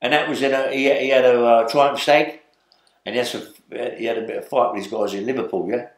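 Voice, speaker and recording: Gravel-free 70s London man, rambling storyteller, roomy echo. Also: medium pitch, fairly even intonation, brisk. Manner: rambling, tags lines with "yeah?" and "you know what I mean?". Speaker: interview guest. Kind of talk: storytelling interview.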